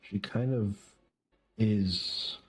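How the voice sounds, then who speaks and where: Man, game master, very low voice, slow, descriptive narration, restarts, tabletop game. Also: slightly rough, faint music behind.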